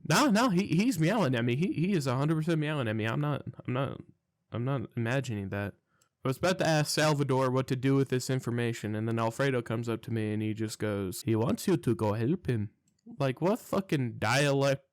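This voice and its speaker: A man's voice: mid-range voice, brisk, dry recording, studio quality. A young man telling a rambling, profane story in a casual vlog monologue, sounding incredulous. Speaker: storytelling vlogger.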